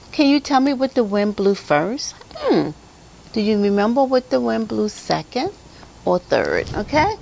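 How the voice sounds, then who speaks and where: Animated woman reading aloud to children. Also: on the low side, vocal fry. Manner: animated, gasps and laughs, animal sounds. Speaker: children's librarian. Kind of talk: storytime read-aloud. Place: library.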